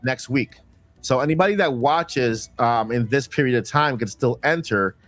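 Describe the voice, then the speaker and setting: A man's voice: mid-range voice, fairly bright tone, no room sound. A man hosting a casual group stream, circling back and repeating words as he talks. His voice is close and dry, with faint music in the background. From Florida. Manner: rambling, repeats words, halting restarts. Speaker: stream host.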